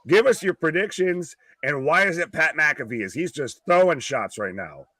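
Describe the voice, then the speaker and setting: A man's voice: a little high, lively intonation, moderate pace, fairly bright tone, no echo. A man co-hosting a casual live wrestling watch-along, joking around and trailing off mid-sentence. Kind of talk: casual live alternative commentary.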